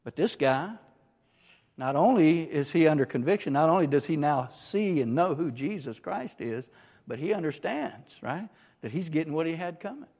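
A man's voice: on the high side, lively intonation, moderate pace, a little mellow. A man preaching a sermon and sharing his own testimony. He speaks emphatically and keeps checking in with "right?" and "amen?". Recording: long reverb from a large hall.

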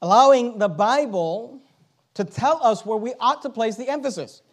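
A man's voice: very high-pitched, animated, moderate pace. A man preaching a sermon, stressing key words, asking rhetorical questions and reading scripture aloud.

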